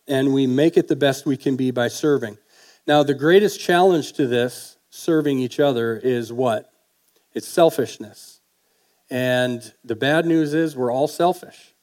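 Male preacher, folksy, chatty sermon delivery, asks the room questions, average pitch. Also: mellow. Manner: folksy, conversational, with fillers and rhetorical questions.

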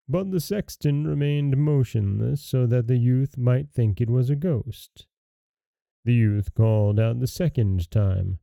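A man hosting and reading a fairy tale aloud in measured storybook narration. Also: medium pitch, gravelly, dark tone, no room sound. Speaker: storyteller host.

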